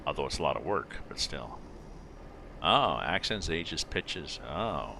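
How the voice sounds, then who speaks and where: Man, middle-aged, rumbling low gravelly voice, rambling casual stream chat, steady truck game noise behind. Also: unhurried. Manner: rambling, thinks aloud with many fillers. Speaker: livestreamer playing a driving game. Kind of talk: casual chat with live viewers. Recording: game vehicle noise underneath. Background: truck engine and road sounds from the game.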